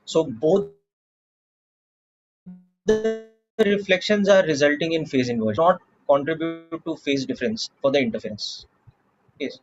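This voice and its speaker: A man with an Indian English accent teaching a physics class, explaining slowly and checking in with "okay" often. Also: on the high side, sing-song, lo-fi sound, music in the background. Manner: slow, deliberate explaining with frequent "okay" checks. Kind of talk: classroom lecture.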